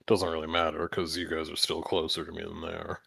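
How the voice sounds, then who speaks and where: A man playing a tabletop game, blunt and quick to swear. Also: rumbling low, completely flat delivery, vocal fry, fairly bright tone, breathy edge, dry recording. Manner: blunt, swears when rolls fail. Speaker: player.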